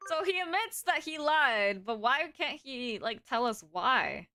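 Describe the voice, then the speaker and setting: A woman's voice: high voice, lively intonation, a little slow, hardly any pauses, bright, forceful tone, dry recording, clean studio sound. Chatty woman streaming a game. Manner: casual, chatty asides. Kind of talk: live visual novel playthrough.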